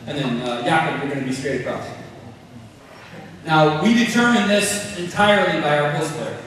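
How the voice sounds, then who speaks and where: A man running a basketball coaching clinic, calling out drill cues in quick repeated bursts and joking with players as he explains. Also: a little high, fairly bright tone, slight background noise. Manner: joking, encouraging. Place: large gym. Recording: echoey gym from far off.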